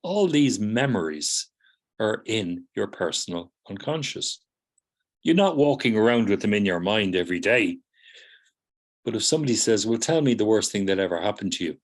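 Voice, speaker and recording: A middle-aged man with a fairly low voice lectures a class of therapy students. He explains step by step, slips into the voices of the people in his examples, and keeps checking in with "do you see?". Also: very animated, moderate pace. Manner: acts out students' replies in quoted voices. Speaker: psychotherapy teacher.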